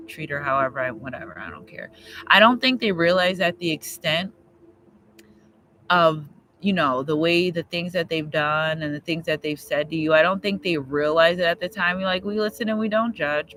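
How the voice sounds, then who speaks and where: A man's voice: high-pitched, pushed and bright, a little hiss or hum, low-quality recording. A man giving a live tarot reading outdoors, talking straight to his viewers in an emphatic, slangy way. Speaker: tarot reader.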